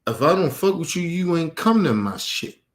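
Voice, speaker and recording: A man with a somewhat high voice pours out an angry, profane rant about his family. He talks emphatically and hammers his points home, sounding like a streamer venting to his viewers. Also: big pitch swings, moderate pace. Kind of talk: heated personal rant.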